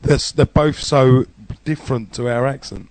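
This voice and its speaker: A man's voice: mid-range voice, fairly even intonation, normal speed, darkish tone. A man with a Southern English accent co-hosting a casual online radio show, joking crudely and laughing often. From Southern England. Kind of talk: casual banter.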